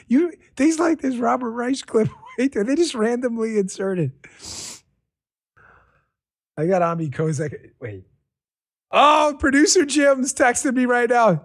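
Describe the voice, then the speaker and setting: A man with a high voice hosts a political commentary podcast from a studio mic. His delivery is sarcastic and excitable, a rant that keeps tipping into laughter. The sound is dry and close, with no room in it. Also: slow pace, pauses often, no echo. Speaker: podcast host.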